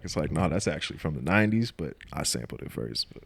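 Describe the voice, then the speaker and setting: Man, young adult, from Atlanta, very deep voice, laid-back, casual interview talk. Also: lively intonation, fast, creaky, few pauses, slight background noise. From Atlanta, Georgia. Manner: laid-back, heavy use of "like" and "you know", laughs often. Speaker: rapper and producer, interview guest.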